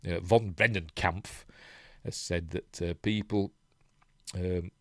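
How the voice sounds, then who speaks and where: A man's voice: low voice, steady tone, slow, a bit bright, no room sound, studio quality. A man with a Yorkshire accent casually reading out news articles, rambling with asides and frequent ums. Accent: Yorkshire English. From Yorkshire, England. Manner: rambling, chatty, reads aloud with frequent ums.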